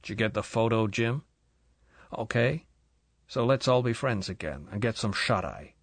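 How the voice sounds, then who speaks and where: A man voicing a drunk, crude tycoon who sneers and slurs his bullying words slowly. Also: lowish voice, lively intonation, no room sound. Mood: menacing drunk. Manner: sneering, slurred, deliberate.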